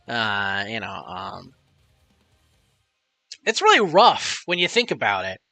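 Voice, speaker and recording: A man's voice: lowish voice, huge pitch swings, takes it slowly, gravelly, bright, forceful tone, no echo, faint music behind. A man streaming live, chatting casually and rambling with lots of swearing while reading chat messages aloud.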